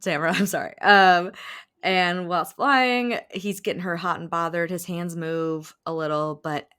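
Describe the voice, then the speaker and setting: A woman's voice: on the low side, steady tone, unhurried, a bit bright, smooth. A woman co-hosting a podcast, retelling a book plot in a chatty, profane way, full of "like" and bursts of laughter. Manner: chatty, profane, filler-heavy with frequent "like". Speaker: podcast co-host. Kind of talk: casual chat.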